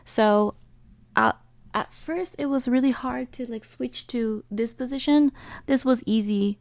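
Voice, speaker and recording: A woman's voice: on the high side, measured pace, dry recording. A young woman talking candidly in a casual recovery vlog from her bed, out of breath, rambling and laughing now and then. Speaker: vlogger. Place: bedroom, lying in bed.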